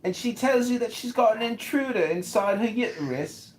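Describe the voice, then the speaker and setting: A woman's voice: fairly high pitch, expressive, moderate pace, a little mellow. A woman on a comedic podcast, putting on a mock British accent and trading crude, mocking insults. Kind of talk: heated comedic podcast banter. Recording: echoey room.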